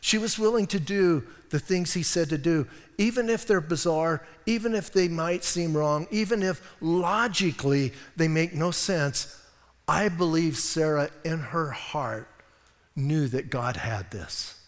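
Animated preacher in a church hall. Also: male voice, on the high side, measured pace. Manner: animated, acts out voices of people in the story. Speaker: pastor. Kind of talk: sermon.

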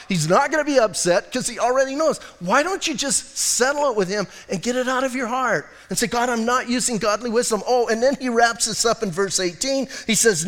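Animated pastor with a high, lively voice. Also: male voice, big-room sound. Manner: animated, joking, candid about his own faults. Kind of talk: conversational sermon.

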